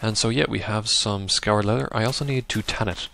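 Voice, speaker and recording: A man giving rambling, casual let's-play commentary over a game, now and then yelping loudly at what happens. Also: fairly low pitch, brisk, gravelly, a little hiss or hum. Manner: chatty, rambling, bursts into loud yelps at the game. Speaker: gaming video host.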